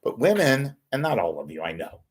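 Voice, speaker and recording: A man hosting a live online talk show, rambling through wisecracking solo commentary that swings between loud outbursts and muttered asides. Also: medium pitch, big pitch swings, fairly quick, slightly rough.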